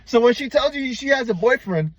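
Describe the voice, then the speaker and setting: A man's voice: extremely high pitch, lively intonation, brisk, no echo, muffled recording. A man giving blunt, profane, slangy relationship advice to the camera, calling the viewer "man" and "bro". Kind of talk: unscripted advice monologue.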